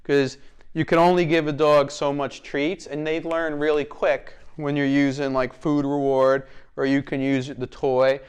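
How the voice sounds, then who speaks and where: A man's voice: level tone, measured pace, smooth. A man teaching dog training, explaining as he works with a dog. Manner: gives short commands and praise to a dog, explaining as he goes; slips into a high sing-song voice when talking to the dog. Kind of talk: hands-on training demonstration.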